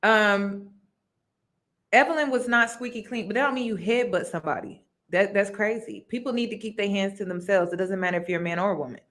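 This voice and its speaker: A woman's voice: medium pitch, brisk, a bit bright. A woman hosting a casual review vlog, talking chattily and emphatically to her viewers and repeating her points. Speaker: reaction video host. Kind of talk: casual commentary on a reality show.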